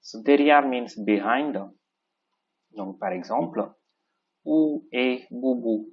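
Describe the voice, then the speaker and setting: A man's voice: fairly low pitch, husky. A man teaching a French lesson in English, explaining step by step and repeating each phrase with plenty of "okay" and "so". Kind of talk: recorded classroom lesson. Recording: dull lo-fi recording.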